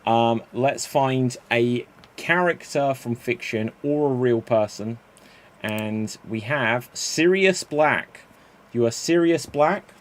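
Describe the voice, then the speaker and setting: A man hosting an improv game over a stream, laying out the rules and reading audience suggestions. He talks in a loose, chatty way and laughs off his own mistakes. His pitch sits in an ordinary middle range. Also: slow pace. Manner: chatty, self-correcting, laughs at own slips. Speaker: improv show host.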